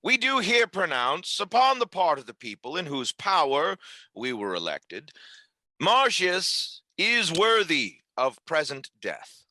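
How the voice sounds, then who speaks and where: An actor playing a stern Roman tribune who gives orders in a commanding, declamatory way. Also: male voice, fairly high pitch, big pitch swings, slow, sharp tone, no room sound, full character voice. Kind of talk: stage play reading.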